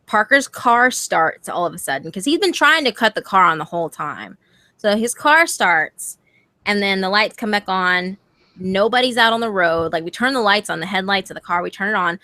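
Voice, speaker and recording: A young woman telling a scary story to her stream in a casual, animated way, swearing freely. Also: mid-range voice, normal speed, no room sound. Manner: animated, swearing, quotes friends in voices.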